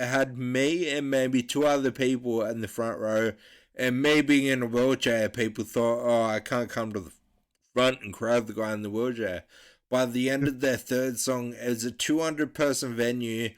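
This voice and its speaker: A man telling stories in a relaxed, casual podcast chat, swearing freely. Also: mid-range voice, normal speed. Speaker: podcast guest.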